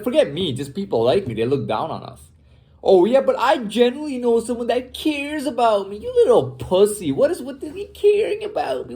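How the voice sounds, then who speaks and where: A man's voice: medium pitch, darkish tone. A man talking in a rambling, boastful casual monologue, profane and repetitive, full of fillers and restarts.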